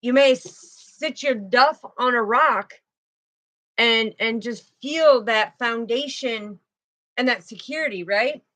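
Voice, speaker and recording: A woman's voice: on the high side, slow pace, fairly bright tone. Rambling woman giving a tarot reading. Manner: rambling, tags lines with "right?" and "okay"; repeats words when restarting. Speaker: intuitive tarot reader. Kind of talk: spiritual tarot reading, casual.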